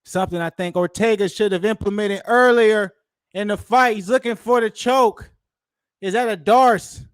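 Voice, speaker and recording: A man putting on the voice of an excited play-by-play fight announcer, calling each move loud and high. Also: moderate pace, clear, resonant tone, dry recording, close to an everyday voice. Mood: hyped. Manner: high-pitched, loud, running ringside call.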